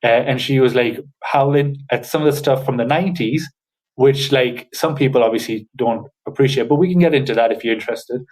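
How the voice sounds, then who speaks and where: A man's voice: medium pitch, brisk, rough recording. A man from Newcastle with a northern English accent, a podcast guest chatting casually and hesitantly, with many fillers. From Newcastle, northeast England. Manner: hesitant, full of fillers, relaxed.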